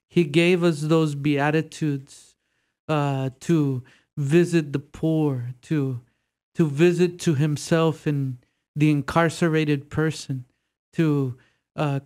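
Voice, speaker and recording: Priest, male, measured and unhurried delivery, slightly high voice, earnest and encouraging in tone. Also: a little mellow. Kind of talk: reflection in a prayer group.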